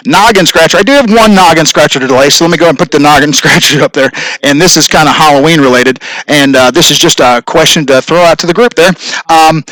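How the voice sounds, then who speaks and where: A man's voice: a little high, a bit bright, no room sound, poor audio. A man hosting a casual live stream from his showroom, rambling along and telling corny jokes. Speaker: host of a live stream show.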